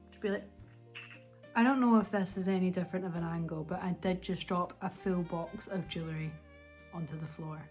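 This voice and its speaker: A young woman chatting casually at home for her vlog, rambling and self-mocking as she laughs her way through a story. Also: mid-range voice. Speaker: vlogger.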